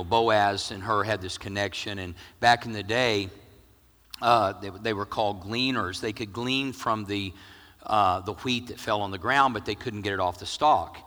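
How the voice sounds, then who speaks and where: A middle-aged male pastor preaching with jokes, swinging between loud emphasis and hushed near-whispers. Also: lowish voice, long reverb tail. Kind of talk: sermon.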